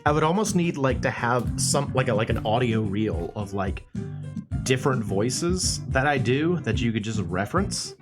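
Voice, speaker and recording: Male streamer, playful and rambling, lively voice, guitar music behind. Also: mid-range voice, normal speed. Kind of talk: casual chat while drawing on stream.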